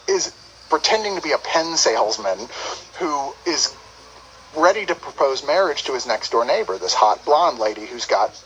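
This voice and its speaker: Animated rambling man reviewing a movie. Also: a little high, normal speed, dull audio, a little hiss or hum. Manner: rambling, animated, laughs often. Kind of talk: casual podcast chat.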